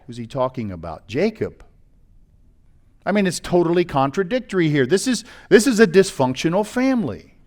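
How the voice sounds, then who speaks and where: A man's voice: on the high side, sing-song, normal speed, a little mellow. A middle-aged American man, a pastor, preaching a sermon, reading scripture aloud and commenting on it in a conversational way.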